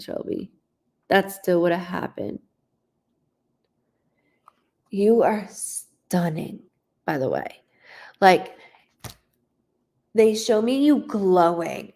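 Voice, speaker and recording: Gravelly-voiced woman chatting on a livestream. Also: medium pitch, a little mellow. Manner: chatty and rambling, greets viewers by name, swears lightly. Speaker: psychic medium streamer. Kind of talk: casual livestream chat with viewers. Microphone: laptop mic.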